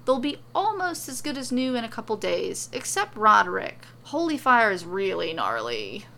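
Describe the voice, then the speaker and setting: A woman's voice: medium pitch, big pitch swings, normal speed, creaky, bright, forceful tone, full character voice. A woman voicing a flippant young female necromancer who talks in a casual, teasing way. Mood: breezy.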